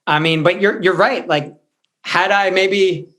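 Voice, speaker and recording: A man's voice: high voice, fairly even intonation, unhurried, bright, forceful tone. A man, a hip-hop artist, talking as a guest in a casual interview, loose and searching, full of "like"s and restarts.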